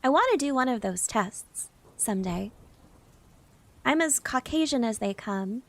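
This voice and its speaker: A young woman chats casually on a live stream, answering her viewers one message at a time. She talks at an unhurried, drawn-out pace with a slightly high voice. A gravelly vocal fry runs through her speech. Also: lively intonation. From Southern United States. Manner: chatty, reads out and answers chat. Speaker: VTuber streamer.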